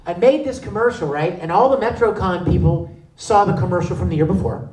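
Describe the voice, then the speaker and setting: A man as a convention panel guest, telling stories in an animated way: he laughs often and acts out the other voices. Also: high voice, fairly quick, a little hiss or hum. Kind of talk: animated storytelling. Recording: echoey room from far off.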